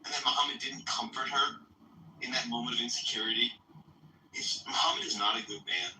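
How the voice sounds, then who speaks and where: A man's voice: medium pitch, a little fast, bright, forceful tone, reverberant, recorded from a distance, slight background noise, poor audio. A man arguing heatedly in a live-stream discussion, angry and profane with emphatic outbursts. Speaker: debate participant.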